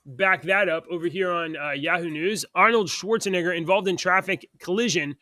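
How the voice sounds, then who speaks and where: A man's voice: high voice, moderate pace, bright, forceful tone, dry recording. A man hosting a casual podcast, chatting and reading news stories aloud, stumbling over words now and then. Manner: chatty, stumbles and restarts while reading headlines. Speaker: podcast host.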